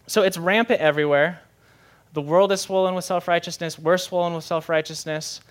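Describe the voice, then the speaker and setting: A man's voice: fairly high pitch, steady tone, fairly quick. A young adult man, a pastor preaching a sermon in a conversational, candid way with self-deprecating humor.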